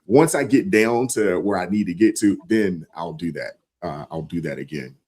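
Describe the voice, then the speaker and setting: A man's voice: low voice, normal speed, darkish tone, breathy edge. A man hosting a call-in show, chatting in a laid-back, slangy, rambling way. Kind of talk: casual chat.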